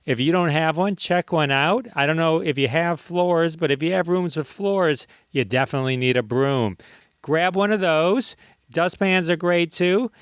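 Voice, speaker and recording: A man's voice: a little high, a little slow, clear, resonant tone, no room sound, clean studio sound. A man hosting his own comedy podcast, talking in a jokey, playful way with mock-ad patter. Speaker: podcast host.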